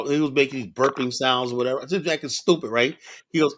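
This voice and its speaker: A man's voice: mid-range voice, brisk. A man hosting a livestream show, talking bluntly and casually in a rambling monologue, often adding "you know.".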